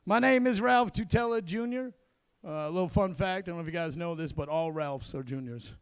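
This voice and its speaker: A man's voice: a little high, fairly quick, clean tone, no room sound. A man doing a stand-up comedy set on a casino club stage, rambling and crude, acting out quotes in his routine.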